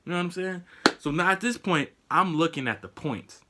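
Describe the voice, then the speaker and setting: A young man vlogger telling a story casually, acting out the people in it with sudden high outbursts. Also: a little fast, very noisy. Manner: animated, acts out quotes with sudden high-pitched outbursts.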